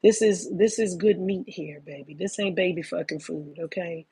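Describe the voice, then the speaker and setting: Casting note: woman, 50s, emphatic profane spiritual host, lowish husky voice, dry close sound. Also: normal speed, dark tone, dry recording. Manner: profane, emphatic, calls listeners baby. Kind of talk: casual spiritual monologue.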